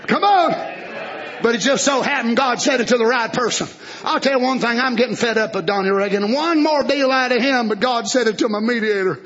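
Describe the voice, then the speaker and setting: A man preaching a fiery sermon, jumping between loud shouting and hushed near-whispers. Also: very high-pitched, muffled recording. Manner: swings from shouting to hushed, plays God's voice in quotes.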